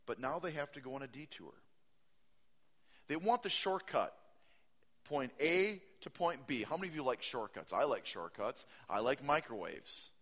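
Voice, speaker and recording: A male pastor preaching in a church. His bright, forceful voice rises into loud bursts and drops to quiet asides as he reads and explains scripture. A long reverb from the big room trails behind each phrase. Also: mid-range voice, normal speed. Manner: animated preaching, swinging from loud to hushed; reads scripture aloud and stops to comment. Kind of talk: sermon.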